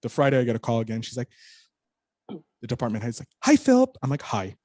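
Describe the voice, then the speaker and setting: A man on a podcast as a guest, telling a story in an animated, casual way and swearing freely. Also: mid-range voice, fast, dry recording, studio quality.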